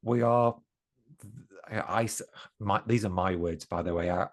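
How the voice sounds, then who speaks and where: A man from England's East Midlands speaks as a podcast guest in a low voice at a measured pace. The conversation is casual, and he comes across as earnest and reflective, frequently restarting sentences and correcting himself.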